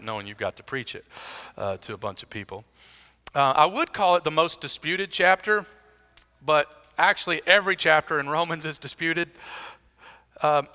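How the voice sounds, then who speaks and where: A man's voice: on the high side, sharp tone, big-room sound. A man preaching an expository sermon as pastor, in a conversational style with dry, self-deprecating asides.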